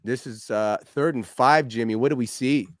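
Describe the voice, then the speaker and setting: A man co-hosting a live betting watch party in casual, animated chat. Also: mid-range voice, normal speed, no room sound, studio quality.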